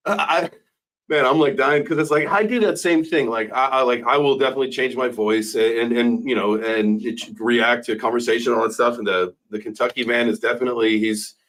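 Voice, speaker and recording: A man's voice: medium pitch, a little fast, fairly bright tone, rough recording. A man hosting a casual debate stream, joking and teasing his guest. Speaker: host.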